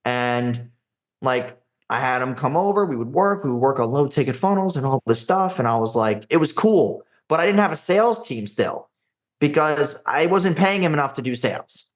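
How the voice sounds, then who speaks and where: A man's voice: medium pitch, expressive, normal speed. A young man in his twenties chats as a podcast guest, brash and loose, swearing freely and dropping "dude" between stories. His voice sits in an ordinary middle range. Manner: brash, profane, says "dude" and "like" often. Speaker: podcast guest, agency founder. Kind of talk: casual storytelling interview.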